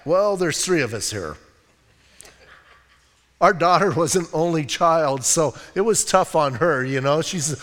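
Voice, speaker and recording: A man's voice: sits high, expressive, a little fast, fairly bright tone, long reverb tail. A middle-aged man preaching a casual, conversational sermon as pastor, folksy, with many fillers and restarts. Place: church sanctuary.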